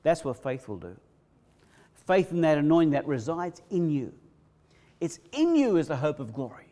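A male pastor, preaching a sermon with emphatic repetition, swinging between loud bursts and quiet hushes. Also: fairly high pitch, sing-song, normal speed. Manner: preaching with rising, emphatic repetition and sudden drops to a hush.

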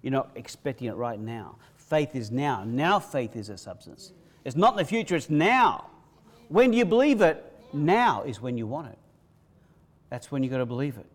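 A male pastor, preaching a sermon with emphatic repetition, swinging between loud bursts and quiet hushes. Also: mid-range voice, big pitch swings, normal speed. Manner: preaching with rising, emphatic repetition and sudden drops to a hush.

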